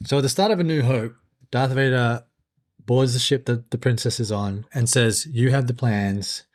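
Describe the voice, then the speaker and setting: A man's voice: mid-range voice, normal speed. A man co-hosting a podcast in casual chat, eagerly explaining movie lore at length. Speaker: podcast co-host.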